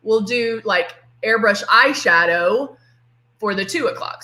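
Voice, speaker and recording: A woman's voice: medium pitch, slow, sharp tone. A middle-aged woman with a Texan accent, a makeup artist chatting playfully through a live tutorial. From Texas. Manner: chatty and playful, greets viewers by name. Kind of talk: casual live-stream demonstration. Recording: echoey room.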